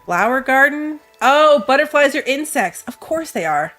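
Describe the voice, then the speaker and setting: A woman's voice: high voice, lively intonation, normal speed, fairly bright tone. A woman with a stuffy nose from allergies gives casual let's-play commentary. She thinks aloud as she plays, reads game text, and laughs at herself. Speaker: gamer. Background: game music.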